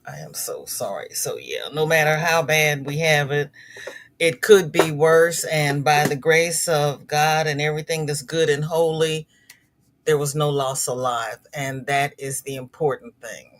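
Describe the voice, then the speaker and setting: A woman's voice: sits low, little pitch movement, measured pace. A middle-aged woman hosting a crochet livestream, chatting casually with viewers and reading their comments, sympathetic and prone to repeating words.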